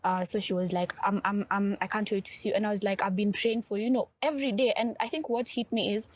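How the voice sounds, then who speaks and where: A woman's voice: mid-range voice, steady tone, fast. A woman on a podcast, telling a personal story in an earnest, emotional way. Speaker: podcast co-host. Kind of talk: podcast conversation.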